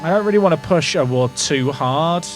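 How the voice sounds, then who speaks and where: A man giving excitable, jokey commentary while playing a racing management game, swinging between hype and quiet muttering. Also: on the high side, moderate pace, soft background music. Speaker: gaming YouTuber.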